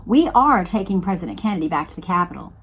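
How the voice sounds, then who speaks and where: A woman reading aloud, giving the lines of a firm male Secret Service agent who speaks with a deliberate drawl. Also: fairly low pitch, very animated, husky. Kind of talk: read-aloud book dialogue.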